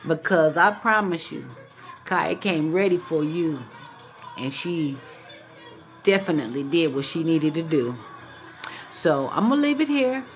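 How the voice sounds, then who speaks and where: A woman's voice: low-pitched, animated, unhurried, pauses often, soft background music. A woman vlogger talking casually to the camera in a teasing, mocking, playful way.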